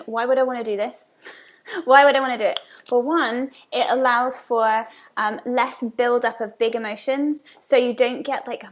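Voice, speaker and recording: A woman in her thirties talking casually to camera about parenting, earnest and repeating key phrases for emphasis. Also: a little high. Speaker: parenting vlogger.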